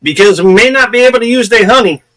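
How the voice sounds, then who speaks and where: A man's voice: high voice, animated, fast talker, a bit bright, recorded from a distance, low-quality recording. A man giving casual, profane commentary on a live stream, laughing often.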